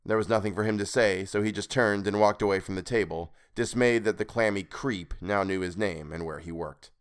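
Low, smooth, expressive male storyteller. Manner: measured, expressive reading. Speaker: podcast reader. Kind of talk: scripted story narration.

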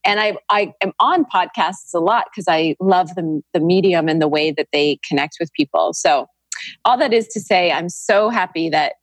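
Earnest low-voiced woman, dry sound. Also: moderate pace, slightly rough, dry recording. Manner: earnest, reflective, spiritual wording. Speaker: podcast guest, Reiki practitioner. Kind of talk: casual podcast conversation.

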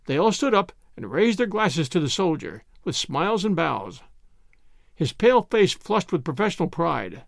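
A man's voice: fairly high pitch, big pitch swings, moderate pace, gravelly, no echo, studio quality. A man reading a story aloud, giving each character a voice of his own. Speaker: audiobook narrator. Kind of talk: scripted narration.

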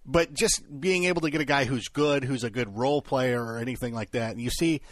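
A man's voice: medium pitch, a little fast, dry recording. Chatty male sports co-host, dry studio. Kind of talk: casual sports talk. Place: broadcast studio.

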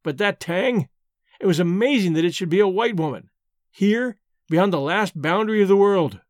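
A man's voice: high voice, lively intonation, moderate pace, no room sound, clean studio sound. A man reading an old male drinker who tells a wistful yarn in an earnest, solemn way, for an audiobook.

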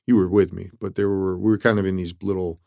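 A middle-aged man chatting casually about a trip, relaxed and rambling with restarts. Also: low-pitched, fast talker, gravelly. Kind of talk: casual travel chat.

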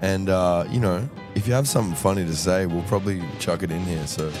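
A man's voice: deep voice, a little fast, over music. An Australian man co-hosting a podcast, telling a story in casual chat and acting out voices along the way. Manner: animated, acts out voices in anecdotes. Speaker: podcast co-host. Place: tour bus.

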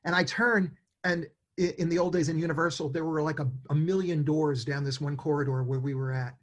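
A man in his sixties from New York, a songwriter and producer telling stories in an interview and acting out his own thoughts in quick asides. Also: fairly high pitch, steady tone. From New York, USA. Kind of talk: conversational storytelling.

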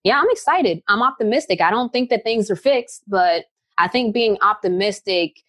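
A woman in her thirties from West Virginia, a basketball player answering interview questions in a chatty, upbeat, animated way. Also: mid-range voice, normal speed, dry recording. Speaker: pro basketball player guest.

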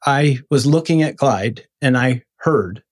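A man in an interview telling his own story in a casual, animated way, acting out the voices of people he quotes. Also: measured pace. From Michigan. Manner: animated, acts out quoted voices with sudden high bursts.

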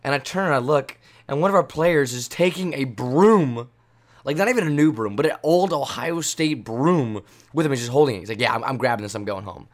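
A man's voice: fairly high pitch, animated, normal speed. Man telling rambling podcast stories. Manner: rambling, swears freely, teasing. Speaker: podcast host. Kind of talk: casual podcast storytelling.

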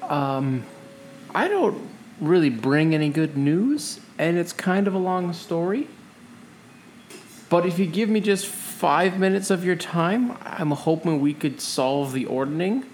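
A man playing a tabletop game, speaking in character gently. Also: on the high side, lively intonation, takes it slowly, slight background noise. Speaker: player. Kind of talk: tabletop role-play.

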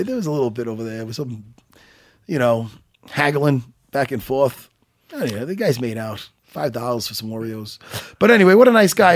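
A man co-hosting a radio talk show, telling animated stories in casual chat and swearing freely. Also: medium pitch. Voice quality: excitable, swearing, animated storyteller.

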